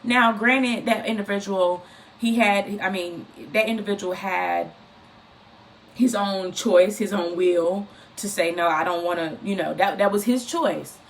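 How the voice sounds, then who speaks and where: A woman giving an informal, encouraging faith talk, speaking in an animated, repetitive, conversational way. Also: medium pitch, a little slow, slight background noise. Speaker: inspirational speaker.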